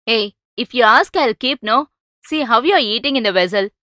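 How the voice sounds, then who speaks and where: A woman's voice: on the high side, expressive, normal speed, over loud music, natural voice. An actress dubbing a worried middle-aged mother in a film drama, scolding and fretful. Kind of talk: English dub of a film drama.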